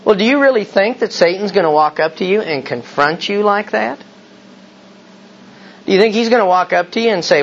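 A man's voice: high voice, animated, fast talker. Male preacher, emphatic sermon delivery, rhetorical questions, slightly muffled recording. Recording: slightly dull recording with faint hiss.

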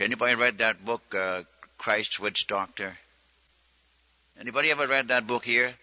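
A man with a fairly low, pushed, bright voice delivers a sermon as a folksy story, acting out the prayers he quotes. The recording is muffled and lo-fi, with no echo.

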